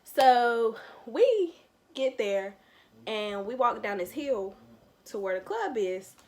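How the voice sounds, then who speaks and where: A young woman, telling a slangy, animated storytime with quoted asides in a casual vlog. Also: fairly high pitch, takes it slowly. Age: young adult. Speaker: vlogger.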